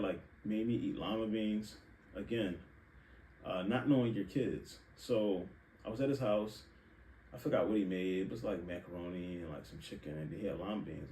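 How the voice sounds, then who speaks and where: Young guy on his podcast, cussing and telling it straight, lowish mellow voice. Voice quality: frank, profane, animated storytelling. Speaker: podcast host. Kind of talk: candid personal monologue. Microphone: live stream setup. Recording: echoey room, distant mic, faint hiss.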